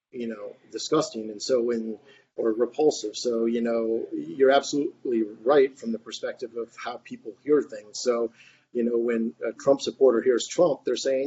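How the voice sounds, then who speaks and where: A man's voice: mid-range voice, mellow. A man giving long, rambling remarks in a group discussion, full of fillers and restarts. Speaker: discussion participant. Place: online reading group. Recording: muffled, faint background noise.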